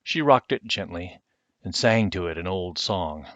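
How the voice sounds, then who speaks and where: Casting: father doing bedtime storybook reading, very low voice, dull webcam audio. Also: animated, a bit bright, no room sound. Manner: measured storytelling, slowing for effect. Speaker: father reading to his children. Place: home. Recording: dull lo-fi webcam sound, dry.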